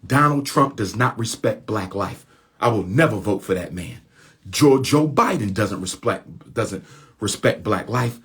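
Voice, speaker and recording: A man's voice: lowish voice, animated, measured pace, a bit bright, slightly rough. A man speaking in an impassioned monologue to his followers, using repetition and rhetorical questions in colloquial speech.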